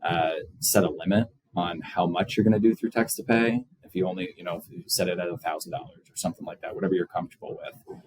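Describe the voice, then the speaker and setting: A man's voice: deep voice, quick pace, darkish tone, slightly rough, low-quality recording. A man, a business co-founder, explaining things plainly as a guest in an interview. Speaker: guest, payments company co-founder.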